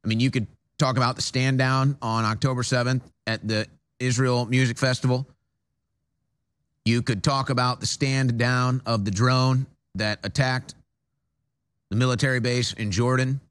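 A man's voice: mid-range voice, little pitch movement, moderate pace, a bit bright, smooth. A man hosting a political talk show from a studio, delivering an emphatic monologue with frequent stammered restarts.

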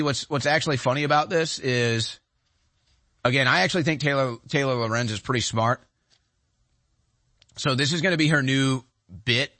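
A man's voice: mid-range voice, sharp tone, no room sound. A man hosting a talk show, giving emphatic, sarcastic political commentary.

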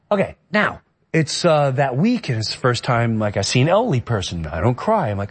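A man's voice: mid-range voice, big pitch swings, fairly quick, husky. A middle-aged man from the New York area telling a personal story in a conversation, earnest and emotional, often stopping and restarting his sentences. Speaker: guest.

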